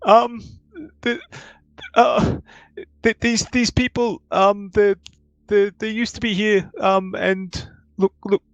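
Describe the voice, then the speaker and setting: A man's voice: high voice, little pitch movement, slow pace, dry recording, pitched above the performer's own voice. A man voicing a nervous young male tenant in a tabletop game, stammering and hesitant. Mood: flustered.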